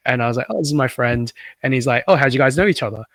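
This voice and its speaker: A man with an Australian accent co-hosting a podcast, telling a personal story in a relaxed way and laughing often. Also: medium pitch, very fast, no echo. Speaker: podcast co-host. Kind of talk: casual chat.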